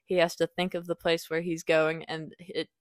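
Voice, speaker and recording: Hosting a laid-back book review podcast, a young woman rambles through the plot at a moderate pace with a flat delivery, often correcting herself. Quoted lines get a higher voice, and the recording is dry.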